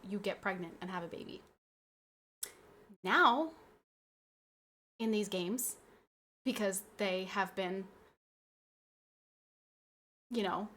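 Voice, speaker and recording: A young adult woman streaming and chatting with her viewers, ranting in an animated way and swearing freely. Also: medium pitch. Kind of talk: casual livestream chat.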